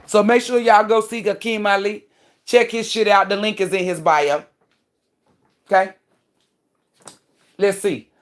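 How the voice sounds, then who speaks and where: A woman hosting a livestream in a casual rant. Her voice sits at a middle pitch for a woman. She talks emphatically and preachily, full of swearing. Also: steady tone, measured pace, pauses often. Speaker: livestream host and spiritual commentator.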